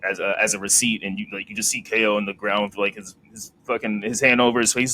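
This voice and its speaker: A man with a lowish voice co-hosts a relaxed wrestling podcast, walking through the week's events as a loose story. He fills his recap with "uh" and "like." A faint background noise sits under his voice. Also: brisk, few pauses. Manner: storytelling recap, laughs and acts out quotes. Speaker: podcast co-host. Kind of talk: casual wrestling recap chat.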